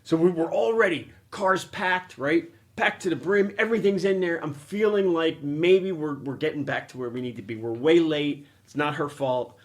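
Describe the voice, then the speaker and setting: A middle-aged man hosts a casual chat and tells an animated story. He laughs at himself and swears freely. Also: fairly high pitch, moderate pace, few pauses. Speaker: podcast host. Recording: noisy action-camera room recording.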